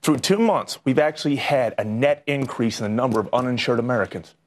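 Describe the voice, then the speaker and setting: A man's voice: medium pitch, expressive, brisk. A man as a guest on a TV panel show, sarcastic and mocking. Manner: sarcastic, mocks others in voices. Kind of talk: TV panel debate.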